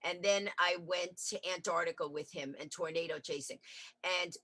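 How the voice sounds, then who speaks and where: Bright, husky woman telling animated stories. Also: fairly low pitch, moderate pace. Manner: animated, acts out quoted voices. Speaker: interview guest, author. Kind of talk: lively anecdotal storytelling.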